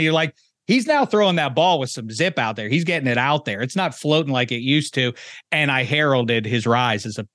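A male sports podcast host with a bright, sharp tone and a voice pitched a bit high. He chats casually and teases his guest with mock-serious drama. The sound is close and dry. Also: no echo. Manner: playful, teasing, mock-dramatic.

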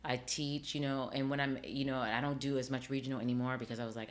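Very low-voiced woman, animated storyteller. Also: fast. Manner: animated storyteller, acts out quoted dialogue. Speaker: actor and acting teacher, guest. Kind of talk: casual interview chat.

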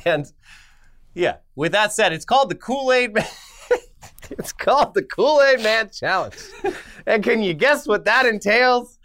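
A man co-hosting a casual news podcast, joking and sarcastic, dropping low and quiet for asides. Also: lively intonation, unhurried, long pauses. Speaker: podcast co-host. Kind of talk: casual news chat and ad read.

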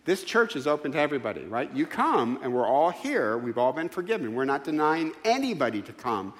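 A man's voice: a little high, very animated, a little fast, long reverb tail. A man preaching a sermon in a church, emphatic and full of rhetorical questions. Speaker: pastor. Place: church sanctuary.

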